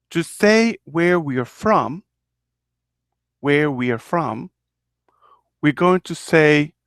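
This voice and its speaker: A man's voice: medium pitch, animated, slow, long pauses, no echo, clean studio sound. A man from Argentina teaching a live online Spanish lesson, explaining patiently and repeating each example phrase.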